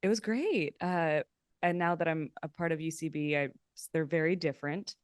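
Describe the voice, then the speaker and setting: A young woman improviser chatting as a podcast guest, self-mocking and animated when quoting people. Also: deep voice, moderate pace, dry recording, studio quality. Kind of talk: casual chat.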